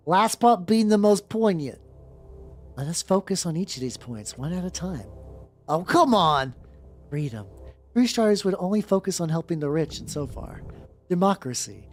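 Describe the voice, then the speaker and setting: A streamer playing a video game, reacting aloud with swearing and reading the game's text out loud. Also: mid-range voice, expressive, normal speed. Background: faint background music.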